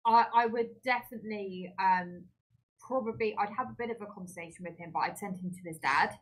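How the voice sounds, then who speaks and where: A woman's voice: mid-range voice, brisk, poor audio. A woman guest on a podcast, answering hesitantly with plenty of fillers. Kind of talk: casual podcast chat.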